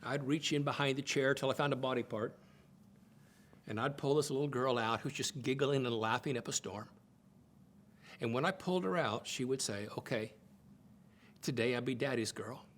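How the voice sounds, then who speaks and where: A man's voice: normal speed, slight background noise. An older man from the United States, giving a sermon-style talk on marriage, telling family stories and acting out the quotes, often repeating words as he starts a phrase. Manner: expressive, acts out quotes with swings in pitch and loudness. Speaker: speaker teaching on marriage.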